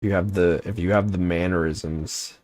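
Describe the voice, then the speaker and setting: A man's voice: low-pitched, steady tone, normal speed, darkish tone, no room sound. A young man streaming a game, chatting casually in a rambling, joking way and often cutting himself off. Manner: rambling, joking, self-interrupting. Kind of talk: casual gaming livestream chat.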